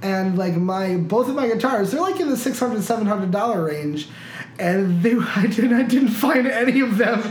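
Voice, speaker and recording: A young man co-hosting a casual chat with friends, his voice sitting fairly high for a man. He rambles and restarts his sentences. It was recorded in an echoey room with a faint hiss underneath. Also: expressive, normal speed. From United States Midwest. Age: young adult. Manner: rambling, many restarts and fillers. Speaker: podcast co-host.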